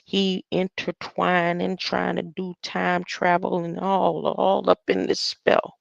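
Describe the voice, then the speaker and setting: Slow, gravelly woman with rhetorical questions. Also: lowish voice, completely flat delivery, no echo. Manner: asks rhetorical questions, talks back to the clip. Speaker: commentator reacting to a speech. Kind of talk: conspiratorial commentary. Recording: dull lo-fi dry recording.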